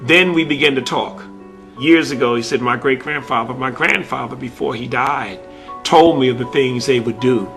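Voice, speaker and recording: A man's voice: medium pitch, normal speed, creaky, a bit bright, soft background music. A man telling a story about a conversation he had while collecting artifacts, repeating "he said" as he retells it. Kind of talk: spoken storytelling.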